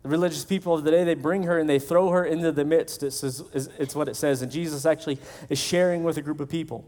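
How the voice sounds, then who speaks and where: Guy pastor preaching, chatty, does little voices for the quotes, kinda high voice. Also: fairly even intonation, quick pace, darkish tone. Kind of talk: sermon.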